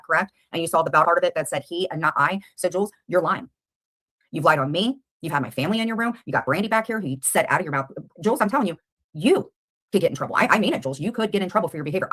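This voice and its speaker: Fast-talking woman ranting on a livestream. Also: lowish voice, fairly bright tone. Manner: combative, addresses a rival directly with rapid questions. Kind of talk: confrontational livestream rant.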